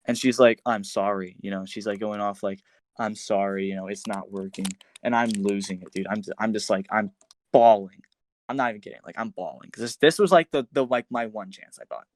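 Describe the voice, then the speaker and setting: On a casual podcast, a young man retells a breakup story in a lowish voice, talking a little fast with lots of fillers and restarts and raising his voice when quoting others. The recording has no room sound.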